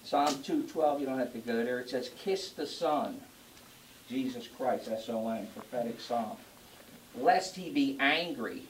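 A preacher delivering a sermon to a congregation, joking and rising to loud emphasis. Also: mid-range voice, unhurried. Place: church before a congregation. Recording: roomy echo, distant mic, faint noise.

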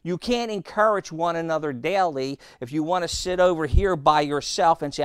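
A man preaching a sermon, emphatic and repetitive, quizzing his listeners and slowing down to read scripture. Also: on the high side, clear, resonant tone, no room sound, clean studio sound. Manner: emphatic, repeating phrases and asking the congregation questions; slows right down on scripture quotes.

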